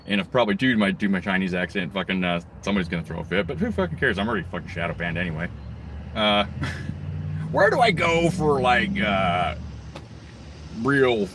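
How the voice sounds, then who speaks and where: A man's voice: low-pitched, fairly bright tone, a little hiss or hum. A man ranting angrily in a crude, rambling monologue, swearing constantly. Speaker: vlogger.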